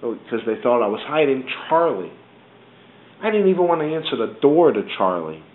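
Man telling an animated, swearing neighborhood story. Tinny phone-like sound in a roomy space. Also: medium pitch, normal speed. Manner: animated, swearing, acts out others' lines. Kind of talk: profane casual anecdote. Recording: tinny phone-like roomy recording, faint hiss.

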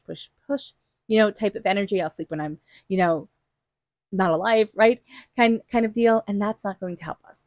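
A woman's voice: lowish voice, a little mellow, no room sound, clean studio sound. A woman giving a casual tarot reading, chatty and reassuring, laughing often and speaking straight to the listener. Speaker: tarot reader.

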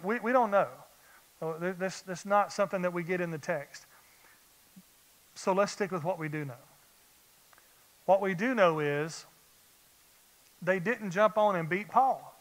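A man preaching a sermon as pastor, animated and firing rhetorical questions at the congregation. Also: high-pitched, normal speed. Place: church sanctuary. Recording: long church-hall reverb.

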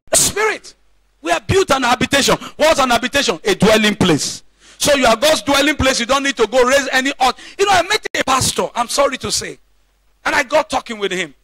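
A male pastor preaches in a very high, piercing voice, hammering home his points with repeated questions thrown back at the congregation. The sound is dry and close, with almost no room echo. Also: sharp tone. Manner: emphatic preaching with repeated call-and-response questions. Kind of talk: sermon. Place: church.

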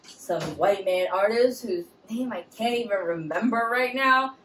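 A woman's voice: fairly high pitch, unhurried, echoey room, far from the mic, a little hiss or hum, low-quality recording. Irreverent woman telling a comic story. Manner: irreverent, animated. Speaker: comedian storyteller.

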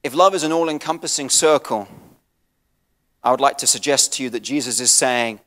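An English man preaching a sermon as pastor, swinging from soft and low to loud and passionate, often repeating and restarting words. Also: brisk, big-room sound. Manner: restarts and repeats words, self-deprecating asides.

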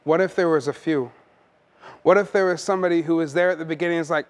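A man's voice: a little high, steady tone, quick pace. A man preaching a sermon as pastor, earnest and conversational, often repeating words as he goes.

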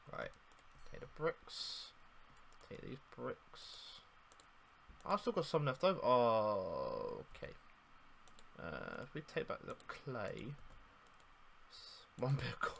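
A young man commentating on his own gameplay, exasperated and swearing, swinging between loud outbursts and mock mourning. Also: mid-range voice, gravelly, a little hiss or hum. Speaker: gaming YouTuber. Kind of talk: casual game commentary.

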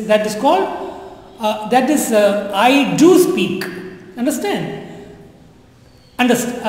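A French teacher with a high, lively voice leads a slow, classroom-style language lesson, repeating herself and coaxing learners to translate. The room is echoey, with a long reverb.

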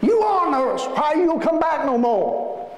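A man voicing an elderly man who calls out joyfully to an old friend, shouting in drawn-out rural Southern speech. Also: very high-pitched, sing-song, heavy reverb, long reverb tail, voice pushed up, full character voice, poor audio. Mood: pleading. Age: over 70.

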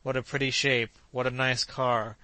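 A cheerful, devoted young manservant, read by a man with a bright, smooth tone. He speaks with eager conviction, close and dry with no room around him. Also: mid-range voice, little pitch movement, normal speed, no room sound, natural voice.

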